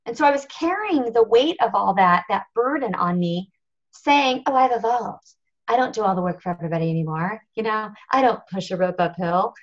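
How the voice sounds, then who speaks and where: A woman's voice: mid-range voice, lively intonation, a little fast. Earnest woman on a lo-fi call. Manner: earnest, confessional, emphatic storytelling. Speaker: national marketing director speaking on a team call. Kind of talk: motivational talk on a conference call. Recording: lo-fi conference call audio.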